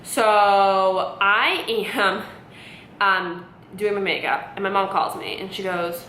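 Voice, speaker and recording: A woman in her late twenties with a bright, forward voice rambles through a storytime vlog, peppering every sentence with "like." The room is echoey, and a faint hum sits underneath. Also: mid-range voice, slow pace. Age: late 20s. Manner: rambling, many "like" fillers, animated retelling. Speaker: vlogger. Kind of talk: casual storytime monologue.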